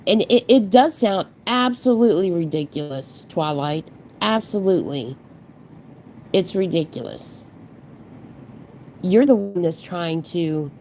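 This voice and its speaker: A woman's voice: lowish voice, a little mellow, slight background noise. A woman hosting a live reaction stream, mocking and swearing back at a clip while greeting her chat. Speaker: commentary streamer host.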